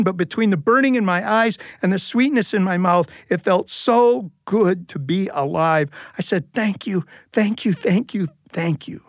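A man from Minnesota telling a personal story in a studio, animated and jumping higher when he quotes himself. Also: no echo. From Minnesota, USA. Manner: animated, leaps higher for his own quoted words. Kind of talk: told personal story, performed. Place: recording studio.

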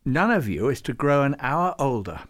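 A man's voice: mid-range voice, very animated, moderate pace, no room sound, studio quality, pitched above the performer's own voice, lightly acted. A man voicing a solemn old male saint who leads a council, speaking in a stately, intoning way in a storybook reading. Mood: kindly. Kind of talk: storybook character voice.

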